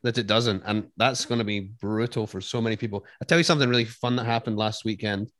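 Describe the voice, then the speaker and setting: A man's voice: lowish voice, fast, a bit bright, no echo. Man telling stories, dry close sound. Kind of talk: casual chat.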